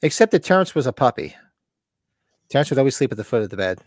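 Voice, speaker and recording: A man's voice: mid-range voice, quick pace, no room sound, clean studio sound. A middle-aged man hosting a live movie watch-along, chatting casually and acting out voices in his anecdotes. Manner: animated storytelling, acts out voices in anecdotes. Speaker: host. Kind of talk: casual chat.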